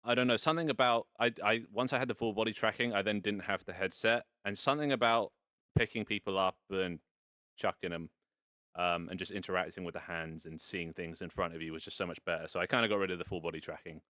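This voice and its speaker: Hosting a fashion show live from inside virtual reality in his home setup, a man rambles and jokes with occasional casual swearing. He speaks fast in a low, bright, forceful voice with fairly even intonation, captured clean and echo-free.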